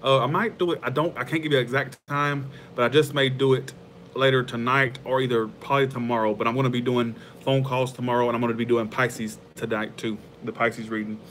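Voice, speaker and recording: A man of middling pitch talks straight to his viewers in an easy, rambling livestream chat. He is heartfelt and laughs often. A faint background hum sits under the voice. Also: fairly even intonation, brisk, fairly bright tone. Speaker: tarot channel host.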